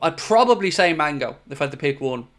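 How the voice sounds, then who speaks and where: A man's voice: on the high side, animated, fast talker, a bit bright. A young Irish man hosting a football watchalong stream, chatting casually and reading out viewer comments. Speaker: watchalong host.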